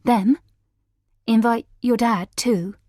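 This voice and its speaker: A woman voicing an irritable, scheming young mother in an audiobook, with a sharp, sarcastic manner. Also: a little high, steady tone, takes it slowly, no echo, studio quality, voice pushed up. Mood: guarded.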